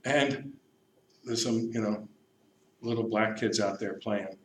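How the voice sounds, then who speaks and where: A man's voice: fairly low pitch, slow pace, slight background noise. Man lecturing in an echoey room. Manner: lively storyteller who laughs at his own tales. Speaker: priest lecturer. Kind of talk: lecture with anecdotes.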